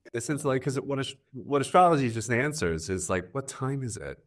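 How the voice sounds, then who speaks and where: A man's voice: mid-range voice, lively intonation, a little fast. A man who is a guest on a podcast, speaking in an earnest, reflective way with frequent fillers. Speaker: astrologer guest. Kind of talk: casual conversational interview.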